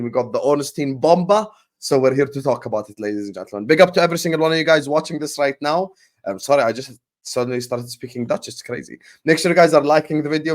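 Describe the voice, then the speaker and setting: Man, football stream host, casual talk, energetic, repeats himself, mid-pitched voice. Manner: energetic, chatty, repeats phrases.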